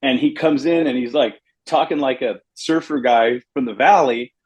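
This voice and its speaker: A middle-aged man from Los Angeles, a bass player telling rambling, animated stories in a casual interview. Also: normal speed, breathy edge. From Los Angeles, USA. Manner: rambling, animated anecdotes with acted quotes.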